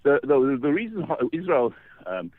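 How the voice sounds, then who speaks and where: A man rings a radio show while walking uphill, and he is out of breath. He argues his point in an impassioned, rambling way, and his pitch swings widely. The call comes through as a thin, tinny phone line. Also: sing-song, moderate pace, no echo. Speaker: caller.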